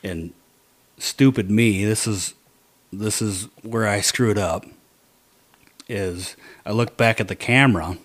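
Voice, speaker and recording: A man telling a hunting story in casual chat, animated, dropping to low mutters to quote his own thoughts. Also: slow, long pauses.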